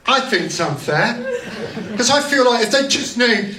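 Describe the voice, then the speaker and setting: A man with a high voice rambles through a crude, self-mocking stand-up set in a comedy club. The sound is echoey and caught from a distance, with a crowd laughing loudly around him. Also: lively intonation, measured pace. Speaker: stand-up comic. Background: laughing audience.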